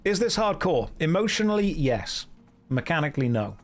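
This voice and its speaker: A man's voice: a little high, big pitch swings, moderate pace. A man in his thirties chatting casually and joking with his chat while streaming a game. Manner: joking, self-mocking storyteller reacting to chat.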